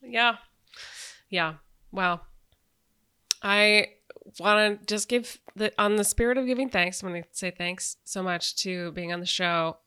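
A woman's voice: medium pitch, a little slow, pauses often, sharp tone, clear, resonant tone. A woman hosting a podcast, chatting casually and gushing with enthusiasm. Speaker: podcast host. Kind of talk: casual conversation.

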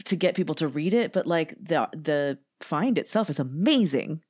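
A woman co-hosting a podcast, explaining in a measured way and reading passages aloud. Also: low voice, expressive, darkish tone, husky, no room sound, studio quality. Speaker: podcast co-host. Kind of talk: casual chat and reading quotes.

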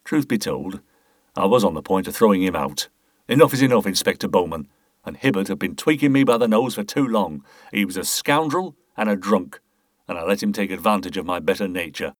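A man's voice: low voice, expressive, a little fast, no echo, studio quality. A man voicing a blustering market manager. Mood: defensive. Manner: blustering, defensive. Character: shifty self-important male market manager.

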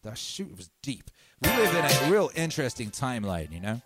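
A man's voice: medium pitch, big pitch swings, a little fast, loud music behind the voice. A man hosting a livestream, chatting casually in a laid-back, slangy, rambling way. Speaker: livestream host.

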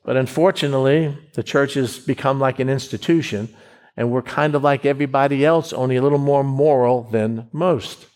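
A man from the United States preaching a sermon as pastor, in a conversational style that swings between slow, emphatic phrases and quick asides. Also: medium pitch, darkish tone.

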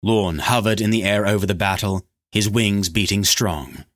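A man narrating a fantasy novel chapter in a steady, dramatic storytelling manner. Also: lowish voice, moderate pace. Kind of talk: scripted audiobook narration.

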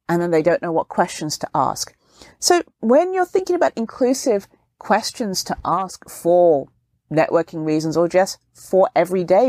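A woman's voice: lowish voice, darkish tone, no echo, clean studio sound. A woman hosting a solo podcast on careers, talking conversationally and acting out quoted questions in a raised voice. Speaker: podcast host, career coach.

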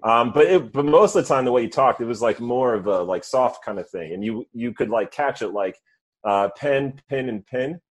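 A man's voice: medium pitch, a little fast, breathy edge. A man in casual chat who rambles through loose stories full of fillers.

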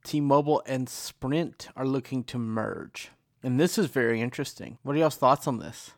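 A man's voice: medium pitch, moderate pace, vocal fry, no room sound. Male podcast host, upbeat and conversational, dry close mic. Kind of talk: casual panel chat.

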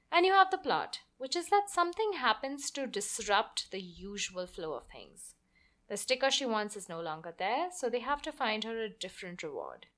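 A woman's voice: mid-range voice, fairly bright tone. A woman hosting a podcast who teaches storytelling for marketing and reads a short story aloud expressively.

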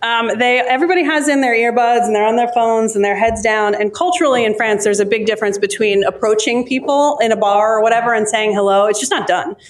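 A woman author speaks in a fairly high-pitched voice to a live audience gathered for her book launch. Her conversation is broken up by frequent ums and sentences she begins again.

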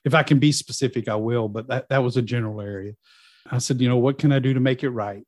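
A man's voice: mid-range voice, fast talker, dry recording. Middle-aged man telling a story, dry sound. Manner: lively storyteller, acting out quoted dialogue. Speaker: guest in recovery. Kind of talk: personal storytelling.

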